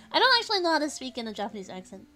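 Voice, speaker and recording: A woman's voice: high voice, pushed and bright. A woman with a Californian American accent, chatting casually on a live stream, reading chat aloud, giggling often and saying "like" a lot.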